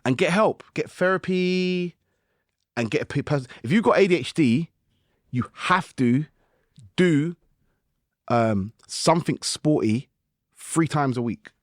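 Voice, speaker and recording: A man, a guest musician on a podcast, telling stories in lively slang and acting out his own inner voice. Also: fairly high pitch, unhurried, pauses often, no echo, clean studio sound. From United Kingdom. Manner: animated storytelling with slang and acted-out self-talk. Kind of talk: casual podcast conversation.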